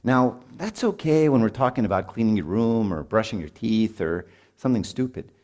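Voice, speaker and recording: A man's voice: on the low side, expressive, moderate pace, a little mellow. A middle-aged man, giving an informal, conversational sermon to parents and often asking "right?". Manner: informal, peppered with "right?", acts out parents and kids. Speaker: speaker at a marriage retreat.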